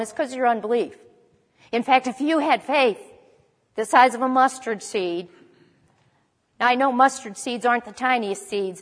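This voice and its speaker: Woman preacher, slightly high voice, casual sermon delivery with restarts, long hall reverb. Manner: conversational, with restarts and self-corrections.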